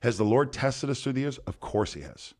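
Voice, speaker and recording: A man's voice: medium pitch, sing-song, fairly quick, darkish tone. A man, a pastor, teaching on a podcast in an emphatic preaching manner that repeats key phrases. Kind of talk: podcast sermon-style teaching.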